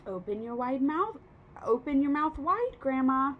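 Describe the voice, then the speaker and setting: A woman's voice: high voice, big pitch swings, unhurried, narrow, tinny audio, a little hiss or hum. A woman voicing a cheeky, polite young boy in a storybook reading. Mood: coaxing.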